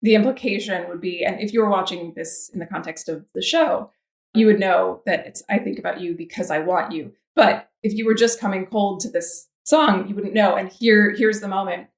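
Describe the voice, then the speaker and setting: A woman, a composer guest on a podcast, talking thoughtfully about a song and pausing before she makes her point. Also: mid-range voice, reverberant. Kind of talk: casual music analysis chat.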